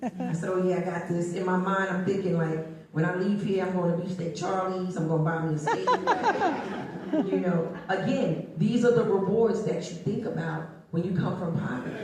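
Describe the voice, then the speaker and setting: A middle-aged woman giving an interview, telling stories in an animated way and laughing often. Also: fairly low pitch, moderate pace, crowd noise. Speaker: interview guest. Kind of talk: conversational storytelling. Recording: echoey room, mic at a distance.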